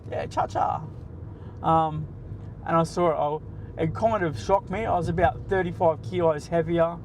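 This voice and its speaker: A man's voice: fairly high pitch, steady tone, moderate pace, a little hiss or hum, rough recording. An Australian man in his late forties, hosting a casual, blunt and sweary live stream, bantering with his chat from the driver's seat of a car. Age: 40s. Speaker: livestream host.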